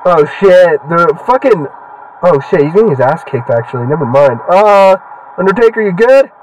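A young man giving casual, swear-filled commentary while playing a video game, excitable and heckling the characters on screen. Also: high-pitched, normal speed, distant mic, highs cut off, slight background noise. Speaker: gaming channel host.

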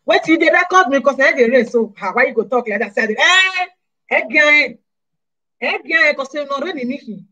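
A woman with a Nigerian Pidgin accent, talking straight to her viewers in an animated, scolding way and firing off rhetorical questions. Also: high-pitched, quick pace, few pauses, muffled recording. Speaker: vlogger. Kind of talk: casual monologue to camera.

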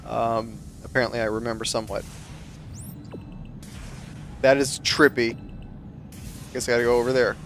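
A man's voice: mid-range voice, little pitch movement, moderate pace, long pauses, a little hiss or hum. A man giving casual gameplay commentary in a rambling, easygoing, self-mocking way. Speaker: let's play commentator.

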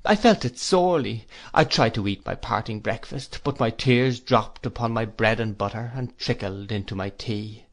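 Man reading a classic novel aloud. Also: medium pitch. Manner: measured, reflective storytelling. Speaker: audiobook reader. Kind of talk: audiobook narration.

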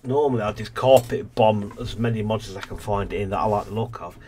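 A man's voice: lowish voice, brisk, dark tone, slight background noise. A man casually commentating a city-building game as host, rambling and thinking aloud, tired and yawning. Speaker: let's play host.

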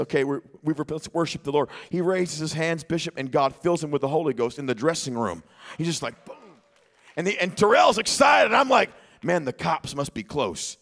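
A man preaching a sermon in church, telling a story quietly, then rising to shouts. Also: fairly high pitch, gravelly. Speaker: pastor. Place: church sanctuary.

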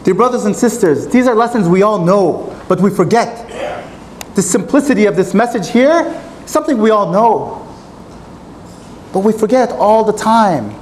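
Male preacher, high-pitched, earnest sermon delivery with faint background noise. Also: lively intonation, normal speed, rough recording. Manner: earnest, retelling a story with quoted dialogue. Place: mosque.

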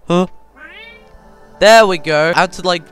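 A man playing a voice-controlled game and talking to his viewers in a chatty, confused way, now and then breaking into loud high yells, with his mic held close to his mouth. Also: a little slow, clear, resonant tone, soft background music. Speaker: gaming YouTuber. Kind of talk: casual let's play commentary. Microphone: handheld mic held close to the mouth.

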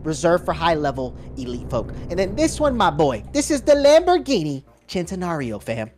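A man's voice: a little high, huge pitch swings, normal speed, darkish tone, soft background music. A man doing a hyped, slangy car-salesman act in a playful game role-play. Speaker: gaming YouTuber guest. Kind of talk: playful role-play banter over gameplay.

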